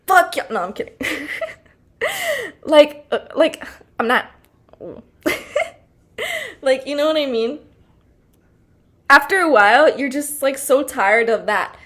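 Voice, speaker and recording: A woman's voice: high voice, lively intonation, slow pace, pauses often, a bit bright. A young woman hosting a podcast, talking casually in a chatty, bubbly, fired-up way with lots of fillers and laughter. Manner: frank and fired-up, with frequent laughter. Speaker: podcast host.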